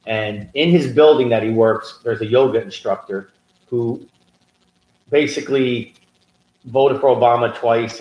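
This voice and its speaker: Animated man ranting on a roomy podcast. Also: mid-range voice. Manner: animated storyteller, rising emphatic rants. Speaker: podcast co-host. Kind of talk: casual political chat. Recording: roomy echo.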